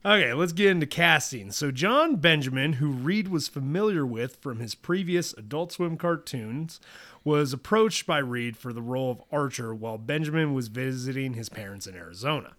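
A man co-hosting a casual podcast chat, excitable and quick to laugh, reading notes aloud between jokes. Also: mid-range voice. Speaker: podcast co-host. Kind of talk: casual chat about a cartoon series.

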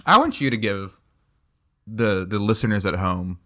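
A young man with a fairly low voice co-hosts a casual podcast. He talks in an animated, chatty way and keeps jumping off into side remarks. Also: moderate pace. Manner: chatty, animated, jumps between asides. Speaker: podcast co-host. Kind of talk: casual chat.

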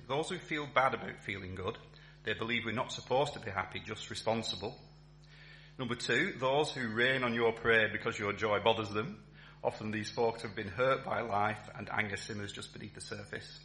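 A man's voice: fairly low pitch, pushed and bright. A man giving a chatty church talk as a town centre chaplain, with many ums and restarts. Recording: echoey hall with faint hum.

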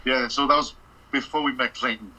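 A man's voice: mid-range voice, fairly even intonation, brisk, pushed and bright, a little hiss or hum, poor audio. A man telling a rambling, profane story in a casual interview, laughing and acting out what people said. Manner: profane, laughing, acts out quotes. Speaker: record label boss, guest.

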